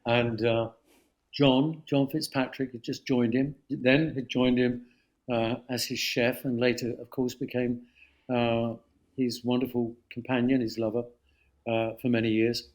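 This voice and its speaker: A man in his seventies from London's East End with a London accent, a guest telling lively anecdotes and slipping into voices. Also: mid-range voice, measured pace. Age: 70s. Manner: animated storyteller, slips into voices. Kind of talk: casual anecdote.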